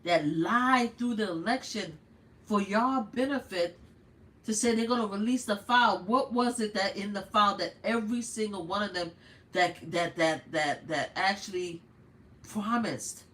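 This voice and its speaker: A woman's voice: medium pitch, a little slow. Blunt older woman with a New York accent. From United States. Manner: animated, blunt, rhetorical questions. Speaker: live stream host. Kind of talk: casual political commentary.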